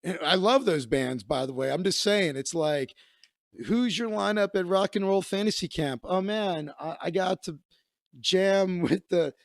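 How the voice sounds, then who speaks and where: A man's voice: high-pitched, measured pace, vocal fry, no echo, studio quality. A man hosting a comedy show, telling a rambling story in a casual monologue with asides and laughter. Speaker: comedian host.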